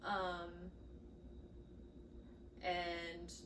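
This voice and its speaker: A young woman co-hosting a podcast in casual chat, halting and filler-heavy, agreeing along. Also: fairly low pitch, monotone. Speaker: podcast co-host. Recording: roomy, mic at a distance, faint hiss.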